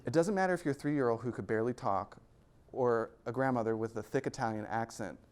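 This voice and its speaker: Energetic male presenter, mid-pitched, playful with the crowd, for a live seminar talk. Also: quick pace, clear, resonant tone. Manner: energetic and joking, laughs between points. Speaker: guest speaker at an investor club.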